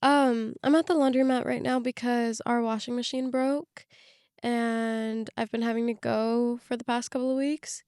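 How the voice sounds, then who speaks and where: A woman's voice: fairly high pitch, fairly even intonation, normal speed, a little mellow, clean tone, no room sound, studio quality. A woman of about twenty who is sick, talking in a chatty, rambling way with lots of fillers as she hosts her own podcast from a parked car. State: sick, under the weather. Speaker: podcast host. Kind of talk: casual chat. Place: parked car in a parking lot.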